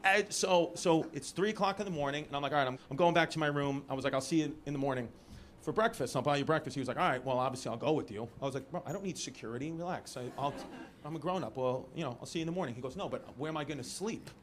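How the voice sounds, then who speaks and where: A man with a New York accent doing stand-up crowd work, telling loud, rowdy stories with shouted impressions. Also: a little high, racing. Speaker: stand-up comedian. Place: comedy club stage. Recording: live club recording with noisy crowd. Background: crowd laughter.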